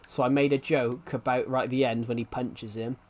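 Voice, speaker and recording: A man's voice: medium pitch, level tone, brisk, a little mellow. A young man in his twenties chatting casually on a live game stream, rambling and restarting his sentences as he talks. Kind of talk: casual live-stream chat while playing.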